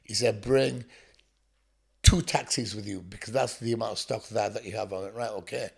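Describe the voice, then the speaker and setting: A man's voice: fairly low pitch, fairly even intonation, moderate pace, creaky, slightly rough. A man from England, a podcast guest, telling his story bluntly, swearing often and acting out what people said. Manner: blunt, swearing, acts out dialogue. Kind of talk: storytelling interview.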